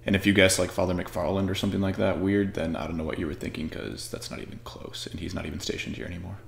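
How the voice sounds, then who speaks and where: A man's voice: low voice, fast talker, creaky, roomy sound, a little hiss or hum. A man from Arizona talking in a rambling, joking casual monologue.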